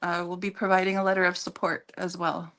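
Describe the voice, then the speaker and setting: A woman with a slightly low voice, chatting as a radio guest. She speaks in a halting, searching way, full of fillers and restarts. Her talk is loose and conversational. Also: level tone, fairly bright tone. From Minnesota. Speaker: guest, community organization leader. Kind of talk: casual radio chat.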